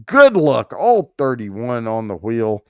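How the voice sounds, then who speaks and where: A man hosts a casual livestream at an unhurried, drawn-out pace. He jokes loosely and swears mildly as he fumbles with the giveaway screen. The sound is dry and close, with no room behind him. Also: medium pitch, sing-song, fairly bright tone, smooth, no echo. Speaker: show host running a prize giveaway.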